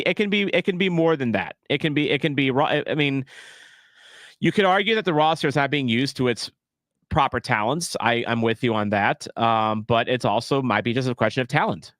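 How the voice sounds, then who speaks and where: A man's voice: medium pitch, a bit bright, dry recording. A man hosting his fan channel, talking frankly and profanely in casual reaction chat, rambling and restarting his sentences. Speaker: channel host.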